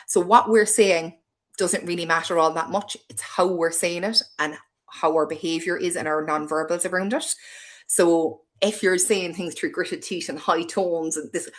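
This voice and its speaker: A woman with a Cork Irish accent giving a parent webinar talk, speaking fast, passionate and playful. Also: fairly low pitch, steady tone. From Cork, Ireland. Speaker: hospital play presenter.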